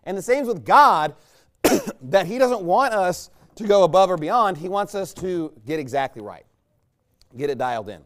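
A man delivers a sermon as if chatting with friends, rambling from point to point and often checking in with his listeners. His voice sits a little high for a man and comes across smooth and clean. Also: big pitch swings, moderate pace. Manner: conversational, rambling, asks listeners "right?". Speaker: preacher.

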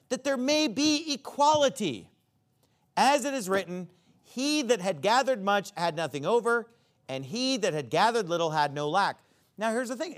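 In this sermon a man reads Bible verses aloud, then breaks them down in ordinary, everyday talk. He rises high and loud for emphasis before dropping low to explain.

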